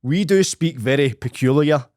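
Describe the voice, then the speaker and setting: A man's voice: a little high, moderate pace, a little mellow, no echo, studio quality. A man in his thirties with a Glaswegian Scottish accent, chatting as a podcast guest with rolled R's and rambling, jokey stories. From Scotland. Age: 30s. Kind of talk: casual chat.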